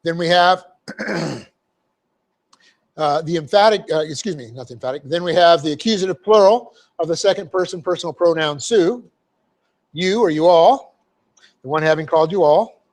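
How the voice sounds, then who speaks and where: This verse-by-verse teaching sermon comes from a middle-aged pastor in a church hall who examines a Bible passage word by word, often asking "okay?" and dropping homely asides. He has a fairly high-pitched voice and talks a little fast.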